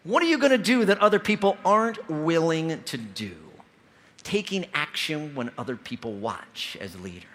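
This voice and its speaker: A fairly high-pitched man in his forties from Ohio delivers a motivational keynote to a big convention crowd at a moderate pace, with a faint hiss or hum in the audio. Speaking from a large convention hall stage, he tells stories with plenty of energy and addresses the audience directly.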